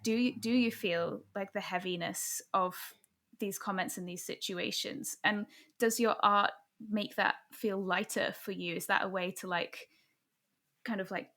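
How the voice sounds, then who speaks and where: A woman's voice: mid-range voice, measured pace, fairly bright tone. A woman hosting a podcast interview, talking casually and loosely, full of filler words as she works her way toward a question. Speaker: podcast host.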